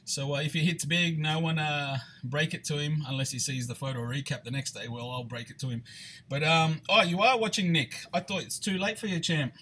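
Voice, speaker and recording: A man's voice: fairly high pitch, steady tone, brisk, sharp tone, slightly rough. A man hosting a live-streamed trading card break, chatting casually with many fillers and restarts.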